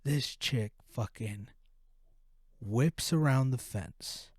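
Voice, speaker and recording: A man's voice: medium pitch, extremely slow, darkish tone, slightly rough, no room sound, clean studio sound. A man hosting a podcast who tells a profane, rambling story in a casual way. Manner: profane, rambling, full of restarts. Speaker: podcast host.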